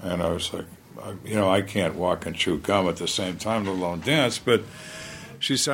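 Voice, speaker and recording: An older man with a fairly low voice tells his stories in a plainspoken, blunt way. He often stops and restarts mid-sentence, and faint background noise sits under his voice. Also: normal speed, fairly bright tone. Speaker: retired police lieutenant. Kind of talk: storytelling in a conversation.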